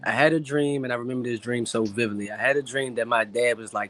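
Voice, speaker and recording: A man's voice at a middle pitch, recorded close and dry with no room sound. He is a boxer sitting as a guest and tells personal stories candidly, swearing freely, with emotion whenever his late father comes up. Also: fairly even intonation, quick pace, a bit bright, no echo. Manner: candid, profane storytelling. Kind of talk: casual interview talk.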